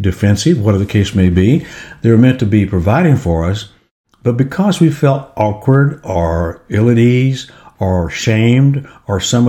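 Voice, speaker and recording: A man's voice: on the low side, mellow. An older man gives a reflective motivational talk, telling a story and acting out its scenes.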